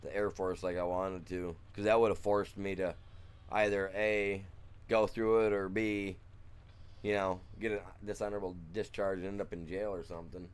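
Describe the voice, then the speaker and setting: A man with a lowish voice talks loosely into a desk mic while he streams from his room. He rambles, loses his thread, restarts and chuckles between thoughts. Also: little pitch movement, moderate pace, clean tone. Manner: chatty, trails off and restarts, chuckles. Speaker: gaming streamer. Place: room at home with blacked-out windows.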